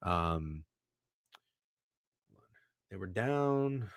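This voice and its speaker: Low-voiced man ranting about sports bets. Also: lively intonation, extremely slow, fairly bright tone, no echo, studio quality. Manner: rambling, swears, gets worked up when defending his takes. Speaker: sports betting podcast co-host. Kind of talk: casual chat.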